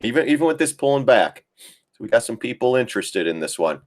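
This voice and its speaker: A fast-talking man with a medium-pitched, sing-song voice hosts a live trading stream. He chats casually about charts, laughs often, and imitates panicking traders in this relaxed market commentary.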